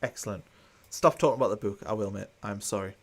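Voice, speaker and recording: A man's voice: lowish voice, fast talker, slightly rough. A man hosting a live football watchalong, chatting casually and reading out viewer comments with a dry, mildly sarcastic tone. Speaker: watchalong host.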